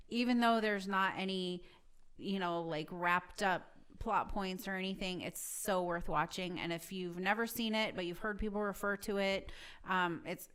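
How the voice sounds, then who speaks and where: A woman's voice: mid-range voice, fairly bright tone, clean tone. A woman co-hosting a casual show-review chat, upbeat and enthusiastic in her recommendations. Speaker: podcast co-host.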